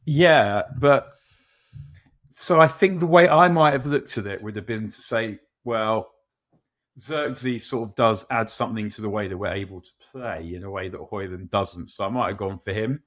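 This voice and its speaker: This football podcast co-host is a man whose voice sits on the lower side, with a fairly bright tone and a moderate pace. He chats casually about football in a self-deprecating, meandering way, frequently starting sentences over.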